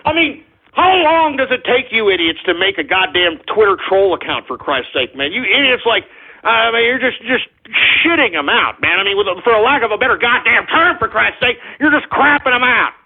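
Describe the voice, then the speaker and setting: A man's voice: high-pitched, sing-song, brisk, slightly rough, narrow, tinny audio. A man hosting an internet radio show, ranting agitatedly and cursing at trolls. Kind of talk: live call-in style radio rant.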